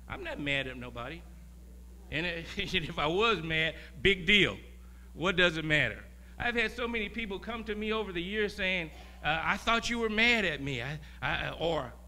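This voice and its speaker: A man preaching as a guest pastor, talking in a conversational way, laughing and swinging from quiet asides to loud emphasis. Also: high voice, a little hiss or hum. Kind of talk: sermon.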